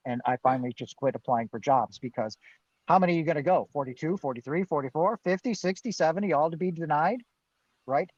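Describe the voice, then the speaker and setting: This man talks fast, his voice on the high side with a darkish tone, recorded dry. Guesting on a live Q&A, he lively narrates his own story, acting out dialogue from himself and others and laughing now and then, in dull, dry lo-fi stream audio.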